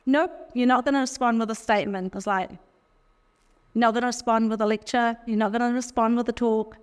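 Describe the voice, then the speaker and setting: Woman workshop speaker, slightly high voice, chatty, repeats points for emphasis. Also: fairly even intonation, normal speed, clear, resonant tone. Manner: conversational, chatty, with frequent fillers; repeats key phrases for emphasis. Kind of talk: casual teaching talk to a group.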